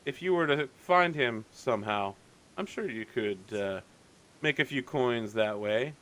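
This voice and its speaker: A man's voice: medium pitch, animated, a little slow, a bit bright. A man voicing a shrewd, mercenary male tavern informant who talks in a smug, sly way. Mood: conspiratorial.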